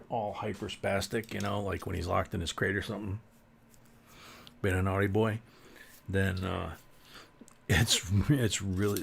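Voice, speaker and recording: Low gravelly man hosting a coin stream. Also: a little hiss or hum. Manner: chatty, reads viewer comments aloud. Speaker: live stream coin show host. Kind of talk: casual live-stream chat.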